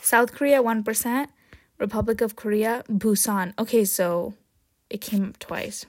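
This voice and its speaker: A woman hosting her own podcast in a casual, jokey chat, often tagging "right?" and "um", with sudden excited jumps in pitch and loudness. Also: measured pace, no echo, studio quality. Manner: chatty and jokey, with frequent "right?" and "um". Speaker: podcast host.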